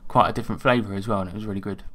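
A man co-hosting a tabletop game podcast, with lively, sweary, teasing banter. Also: fairly low pitch, racing. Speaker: podcast co-host. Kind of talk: casual banter.

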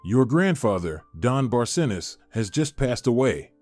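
A man's voice: mid-range voice, big pitch swings, unhurried, a little mellow, dry recording, faint music behind. A man voicing a polite female maid who announces news in a formal manner.

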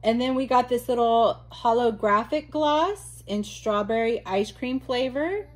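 A woman's voice: on the high side, expressive, slow, few pauses. A woman vlogger chatting casually as she unboxes mail, gushing and exclaiming often. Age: adult.

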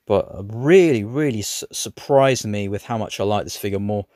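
Toy reviewer, male, low voice, relaxed and rambling, hesitant delivery. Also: normal speed, no echo, clean studio sound. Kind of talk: casual product review.

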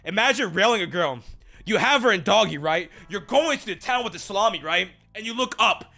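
A young man vlogging to his stream chat, crude and loud, laughing and bursting into shouts. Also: high-pitched, lively intonation, a little fast, creaky, over music. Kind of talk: casual vlog chat to stream chat.

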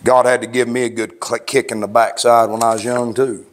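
A male pastor preaching a plainspoken, fervent sermon, swinging from low talk to raised shouts. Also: level tone, fairly quick, a little hiss or hum. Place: church.

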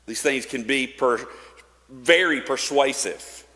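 A man's voice: medium pitch, slow pace, bright, forceful tone. A man preaching a sermon in a casual, conversational way, with fillers and restarts. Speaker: pastor. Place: church sanctuary. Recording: long church reverb.

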